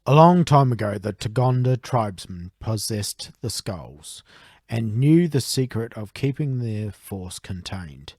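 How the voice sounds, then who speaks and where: An earnest young hero, read by a man, explaining an old legend in a slow, measured way. His pitch rises and falls with the telling, and the sound is dry and close-miked. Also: expressive, darkish tone, no room sound. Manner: measured, expository delivery.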